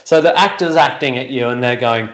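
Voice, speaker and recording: A man's voice: medium pitch, a little fast, fairly bright tone, roomy sound, rough recording. A man on a video call, a guest actor and writer, talking in a rambling, reflective way that turns self-deprecating. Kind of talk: casual chat on a video call.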